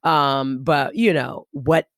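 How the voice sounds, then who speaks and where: Gravelly woman host, dry close sound. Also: very deep voice, steady tone, slow pace, no room sound. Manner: friendly, laughing, curious questions. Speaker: podcast host. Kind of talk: casual interview chat.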